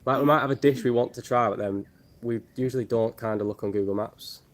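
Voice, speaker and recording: A fast-talking man from Northern England with a medium-pitched voice chats casually on a travel livestream, reading out viewer questions and joking about them. The travel vlogger is outdoors in Thailand, with birds and geckos around him.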